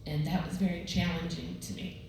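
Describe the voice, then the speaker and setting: A woman's voice: deep voice, flat delivery, brisk, vocal fry, darkish tone. A middle-aged woman giving a chatty devotional talk at a women's retreat, telling stories with a laugh. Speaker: retreat speaker. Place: large room at a ladies' retreat. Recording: very echoey, distant, noisy room recording.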